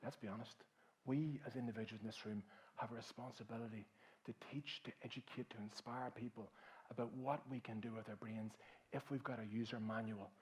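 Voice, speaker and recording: A man from South Armagh with a Northern Irish accent, telling a personal story to a live audience. He drops quiet at moments, then builds to loud, rousing appeals. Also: lowish voice, rough recording. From South Armagh, Northern Ireland. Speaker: keynote speaker. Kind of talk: motivational storytelling talk.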